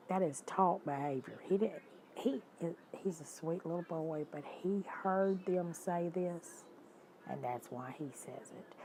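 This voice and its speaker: A woman, hosting a livestream and telling stories in an animated, indignant way while talking to her viewers. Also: low-pitched, slight background noise, rough recording. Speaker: livestream host. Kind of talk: casual storytelling to live chat.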